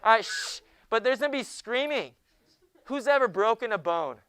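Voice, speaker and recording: A young man teaching a junior high Bible class in a classroom, joking with the students and often hushing them. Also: animated, moderate pace, clear, resonant tone, no room sound. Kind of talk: classroom lecture.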